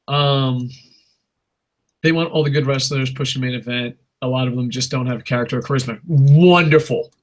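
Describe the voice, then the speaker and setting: A man with a mid-range voice speaks at a moderate pace as he hosts a casual wrestling podcast. He rants in a rambling, profane way and laughs at his own jokes.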